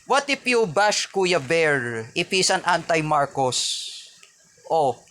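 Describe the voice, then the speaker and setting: Angry Filipino man ranting, high-pitched. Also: sing-song, sharp tone. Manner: angry, repetitive, insulting rant with frequent pauses. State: stressed and angry. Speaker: vlogger.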